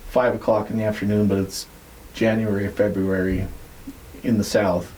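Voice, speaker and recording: A man with a lowish, mellow voice recounts a story in loose podcast chat. He rambles, swears casually and leans on "like" and "uh" as he goes. A faint hiss sits under the voice. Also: little pitch movement, moderate pace, poor audio. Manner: rambling, profane, many fillers. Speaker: podcast co-host.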